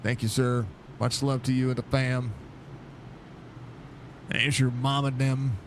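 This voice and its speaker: Man, young adult, laid-back live race caller and chat host, middle pitch, slight hiss behind. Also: slow pace. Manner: chatty, greets viewers by name between race calls; excited outbursts at crashes. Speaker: sim racing league commentator and streamer. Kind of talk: casual live-stream race commentary.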